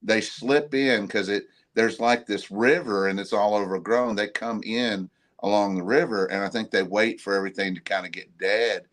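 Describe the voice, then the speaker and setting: A man from Oklahoma, a guest cryptid investigator, telling stories in a relaxed, rambling way. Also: fairly low pitch, moderate pace, few pauses. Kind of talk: casual storytelling.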